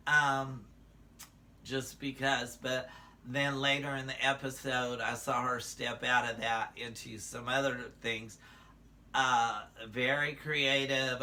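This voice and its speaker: A man's voice: a little high, bright, forceful tone, slight background noise. An older man, a drag performer, giving a chatty, casual review of a show's contestants, with frequent filler words and playful asides.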